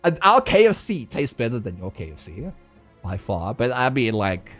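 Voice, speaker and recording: Animated South African man ranting and laughing. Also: mid-range voice, normal speed, faint music behind. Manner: animated, profane, laughing rants. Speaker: streamer. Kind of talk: casual livestream chat.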